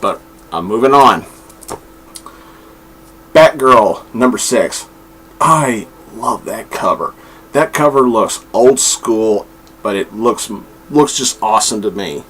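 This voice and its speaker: A man's voice: lowish voice, expressive, slow pace, long pauses, fairly bright tone, breathy edge. A man chatting his way through comic book reviews at home, rambling with frequent fillers and restarts. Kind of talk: casual review vlog. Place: room at home with his dog.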